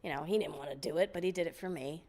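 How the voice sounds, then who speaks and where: A woman guest on an interview show, telling stories in a lively, laughing way, often restarting her sentences. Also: low voice, racing. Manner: animated, laughing storyteller with frequent restarts. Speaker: guest vocalist. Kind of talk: casual interview storytelling.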